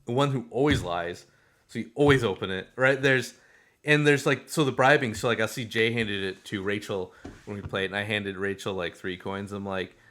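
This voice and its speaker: A man co-hosting a podcast, chatting casually about board games in a rambling, animated way and laughing often. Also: fairly low pitch, normal speed. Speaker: podcast co-host. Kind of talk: casual board game chat.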